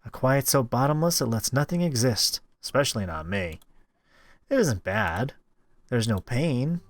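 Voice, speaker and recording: A man reading a visual novel aloud as a streamer, with quick asides of his own. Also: mid-range voice, dry recording. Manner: expressive, quick asides between read text. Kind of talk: reading a game aloud with commentary.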